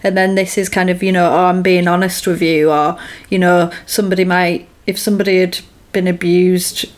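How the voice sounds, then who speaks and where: A woman's voice: lowish voice, brisk. A woman on a casual podcast, retelling a film and acting out the characters' lines as she goes. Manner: animated storyteller who acts out characters' lines. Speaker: podcast co-host. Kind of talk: casual chat recapping a film.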